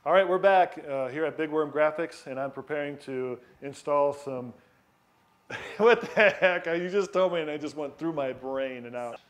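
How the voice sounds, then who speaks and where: A man's voice: fairly high pitch, normal speed. A man hosting a car show, joking and laughing at his own flubbed lines. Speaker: show host. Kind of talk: casual on-camera hosting with outtakes.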